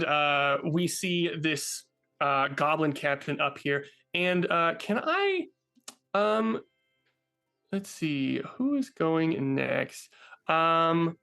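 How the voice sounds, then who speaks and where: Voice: medium pitch, lively intonation, slow pace, gravelly, a bit bright, soft background music. A game master narrating a tabletop game casually, with lots of fillers and laughs. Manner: casual, filler-heavy, giggly.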